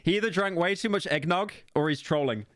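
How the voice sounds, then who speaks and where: A man's voice: high-pitched, brisk, fairly bright tone, no echo, studio quality. A young British man streaming, reading posts aloud and reacting with wry, mocking commentary and laughs.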